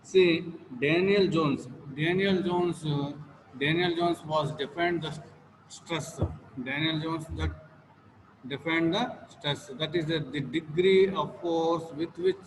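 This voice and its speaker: Slow, repetitive Indian English male teacher. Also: on the high side. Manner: halting, repeats each sentence, many fillers. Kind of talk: online class lecture. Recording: echoey room with steady background noise.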